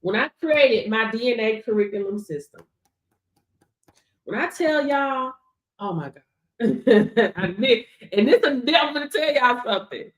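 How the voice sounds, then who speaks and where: A woman hosting a live stream, giving a motivational faith talk from home, animated and preachy, laughing often and calling listeners baby. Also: a little high, measured pace, pauses often, roomy sound. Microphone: device camera.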